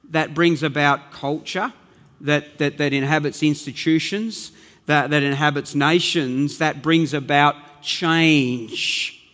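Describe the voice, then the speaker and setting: A man's voice: fairly high pitch, fairly bright tone, long reverb tail. A man preaching a sermon as pastor, earnest and emphatic, often repeating words as he builds his point.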